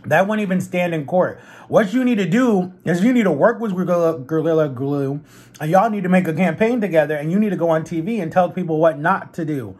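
A young man telling a personal story casually to camera while eating, animated and chatty. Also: a little high, a little fast, slightly rough. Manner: chatty, animated retelling with quoted voices. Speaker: vlogger.

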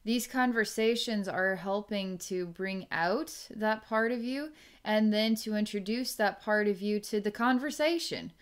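A woman psychic giving an energy reading, musing aloud in a halting way and restarting her sentences as she goes. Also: medium pitch, clear, resonant tone. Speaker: psychic reader.

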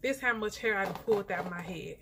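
A woman's voice: mid-range voice, fast, noisy background. A young woman, chatting casually to her vlog viewers at home, venting and complaining as she does her hair. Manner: frustrated, complaining, talks to viewers as y'all. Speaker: vlogger. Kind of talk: casual chat to camera.

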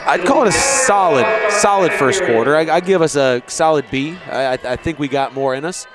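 A man gives relaxed, chatty play-by-play commentary for a local basketball game, with asides. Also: fairly high pitch, normal speed, over loud music. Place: school gym. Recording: noisy gym ambience. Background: crowd and bouncing balls.

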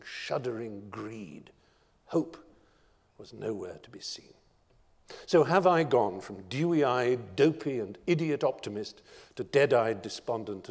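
A man giving a lecture as a guest speaker, telling stories in a dramatic, expressive way. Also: medium pitch, breathy edge, in a large hall. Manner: dramatic, expressive storytelling with lists. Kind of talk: storytelling lecture. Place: lecture hall.

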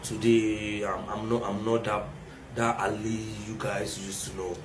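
A man's voice: on the low side, flat delivery, measured pace, roomy sound, background noise. A young Ghanaian man with a Ghanaian accent in an emotional casual rant, repeating himself and pleading, mixing in local words. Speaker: reality show contestant reacting on social media.

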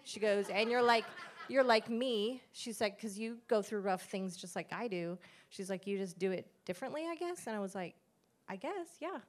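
A middle-aged woman shares a church testimony in an earnest, conversational way. She speaks at an ordinary, middle pitch and acts out the lines she quotes from others. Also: steady tone, normal speed. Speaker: pastor's wife sharing a testimony.

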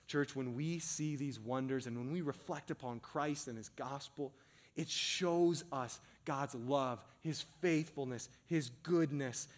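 A man preaching a sermon as pastor, building to emphatic repeated calls and easing into a hushed, slower prayer. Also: medium pitch. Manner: slows and softens into a hushed prayer.

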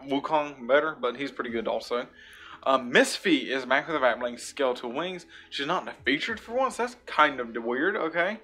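A man's voice: medium pitch, sharp tone. A man hosting a casual gaming video at home, reviewing in-game shop items in a rambling, upbeat way and repeating his praise often. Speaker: gaming YouTuber host. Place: home room.

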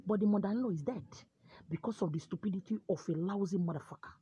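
A woman with a Nigerian accent telling a comic first-person story, dramatic and lively. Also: mid-range voice, quick pace, husky, no echo. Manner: dramatic, lively, code-switching.

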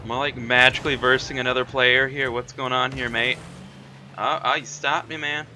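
A young man giving excited, trash-talking commentary while playing a video game, tossing "man" and "mate" into nearly every line. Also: medium pitch, normal speed, a little hiss or hum. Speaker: gamer. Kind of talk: live gameplay commentary.

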